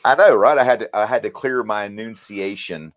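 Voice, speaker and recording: Drawling Mississippi man, low voice. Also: brisk, dry recording, clean studio sound. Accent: Southern US, Mississippi. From South Mississippi, USA. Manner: folksy, animated storyteller with a drawl. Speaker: podcast guest, medical instructor. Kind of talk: casual podcast chat.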